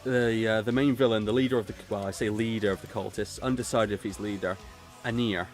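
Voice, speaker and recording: A man's voice: fairly low pitch, steady tone, brisk, faint music behind. A man from Gloucester, streaming and chatting in a sweary, rambling way. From England, Gloucester. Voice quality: sweary, rambling, laughs often. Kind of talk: casual chat while drawing.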